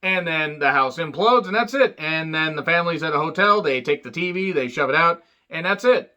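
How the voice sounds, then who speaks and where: A man's voice: expressive, brisk, sharp tone, highs cut off. A man casually recapping and reviewing a film, rambling and profane, with many fillers and wisecracks. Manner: jumps up in pitch when acting out quotes. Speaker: movie reviewer.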